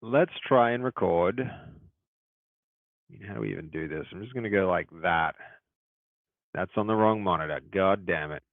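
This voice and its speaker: A man who runs a game studio, chatting casually on a live stream, excitable and hyped, now and then bursting into loud shout-outs. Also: low voice, normal speed, long pauses, no room sound. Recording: tinny, phone-like dry sound.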